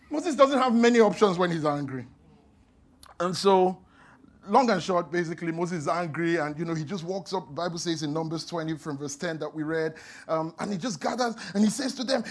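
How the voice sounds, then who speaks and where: A man's voice: high voice, animated, brisk, fairly bright tone. A man preaching a sermon in a playful storytelling way, acting out quotes and laughing along. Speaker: pastor.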